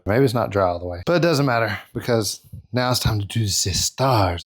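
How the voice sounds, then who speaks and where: A man hosting a casual airbrush painting tutorial, talking to himself as he works and counting out his steps. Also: fairly low pitch. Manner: chatty, self-talk while working, counts out steps. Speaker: airbrush artist and tutorial host.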